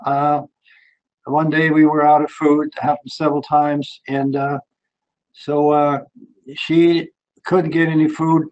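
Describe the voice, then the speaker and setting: A man's voice: on the high side, flat delivery, takes it slowly, pauses often, darkish tone, muffled recording. An older man with a German accent, giving a fervent sermon testimony about his childhood. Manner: rising to fervent, emphatic preaching. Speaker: preacher.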